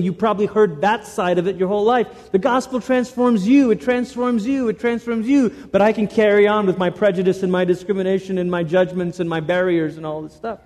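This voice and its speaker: Guy preaching in a church, echoey hall, high warm voice. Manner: animated preaching, repeats phrases for emphasis. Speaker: pastor. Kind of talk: sermon.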